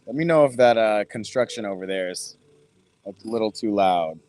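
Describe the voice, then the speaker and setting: A man's voice: lowish voice, animated, moderate pace, darkish tone. A man hosting a casual football watch-party stream, loose and chatty, swearing now and then and talking straight to his viewers. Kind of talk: casual live-stream chat. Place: backyard, later indoors.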